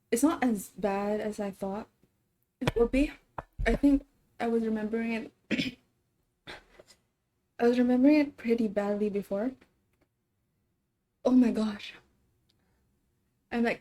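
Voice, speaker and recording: A woman's voice: a little high, steady tone, unhurried, pauses often, warm tone. A woman streamer chatting casually on a live stream, groaning and laughing as she eats, sniffling from the spice. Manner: chatty, groaning and laughing while eating spicy food. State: sniffling from spicy food.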